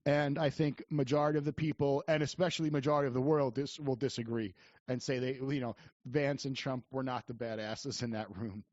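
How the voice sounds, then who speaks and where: A man's voice: medium pitch, steady tone, fairly quick, darkish tone, no echo. A man co-hosting a podcast, chatting casually about politics with many restarts and fillers. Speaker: podcast co-host. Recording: dry, dull lo-fi sound.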